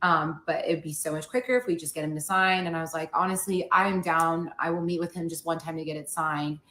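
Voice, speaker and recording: A woman's voice: sits low, steady tone, brisk, bright, forceful tone, reverberant, slight background noise. A woman podcast host candidly retelling a personal story and acting out the quoted dialogue.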